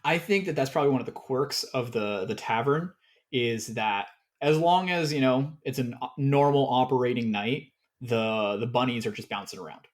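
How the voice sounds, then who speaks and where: Calm man running a tabletop game. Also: medium pitch, normal speed. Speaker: game master. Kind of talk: tabletop game role-play.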